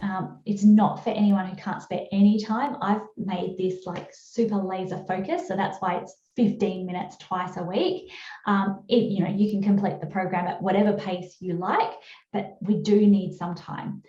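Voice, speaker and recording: A woman's voice: steady tone, moderate pace, dark tone, dull audio. Upbeat Australian woman, roomy video call. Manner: chatty, upbeat sales pitch with fillers. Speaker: webinar presenter. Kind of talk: webinar presentation.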